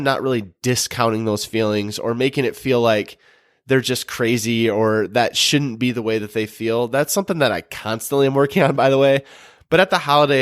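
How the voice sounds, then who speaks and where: A man co-hosting a relationship podcast, talking in an earnest, relaxed way with many restarts. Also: medium pitch, smooth, no room sound, clean studio sound. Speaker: podcast co-host. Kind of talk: casual advice talk.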